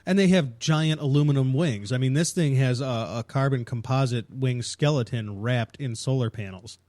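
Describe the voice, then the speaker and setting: A man's voice: mid-range voice, moderate pace, a little mellow, no room sound. A man co-hosting a casual podcast, explaining things with frequent restarts and hesitations. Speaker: podcast co-host. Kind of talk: casual chat.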